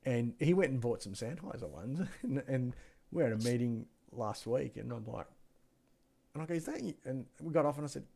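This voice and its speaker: On a gaming headset mic, a man co-hosts a PC deals show, his medium-pitched, creaky, dark voice moving fairly quickly with lively intonation. He's chatty and loose, rambling casually through anecdotes, trailing off mid-sentence and muttering to himself as he browses.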